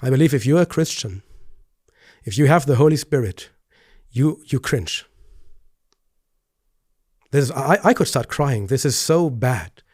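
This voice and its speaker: A man's voice: mid-range voice, animated, measured pace, long pauses, darkish tone, breathy edge, dry recording. A man speaks as a pastor hosting his own commentary video. He talks earnestly, often stammering and restarting, and his voice climbs when he grows indignant. The recording is dry and close, with no room sound. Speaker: pastor and host. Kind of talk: video commentary responding to clips.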